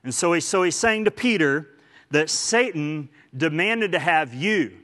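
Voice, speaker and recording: Speaking at a measured pace, this Oklahoman-accented pastor has a fairly bright, expressive voice that sits on the high side. His church sermon is delivered earnestly and emphatically, with phrases frequently repeated for emphasis.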